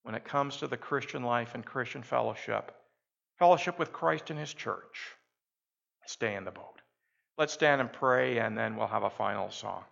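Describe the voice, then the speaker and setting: A male pastor delivers an emphatic sermon and calls his congregation to repeat after him. His voice is gravelly and sits at a middle pitch. The sound is dull and lo-fi. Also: moderate pace, fairly bright tone.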